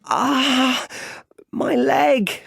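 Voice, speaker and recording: A man's voice: big pitch swings, normal speed, husky, no echo, clean studio sound, heavily acted. A man voicing a frightened young boy who cries out in pain and panic in an audiobook. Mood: panicked. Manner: high shrieking cries for help. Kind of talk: audiobook character reading.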